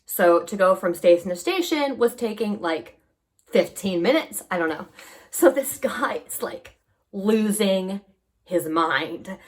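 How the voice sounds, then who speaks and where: Animated woman vlogger from New York. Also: takes it slowly. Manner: animated, swings between hushed asides and excited highs. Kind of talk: casual storytelling to camera.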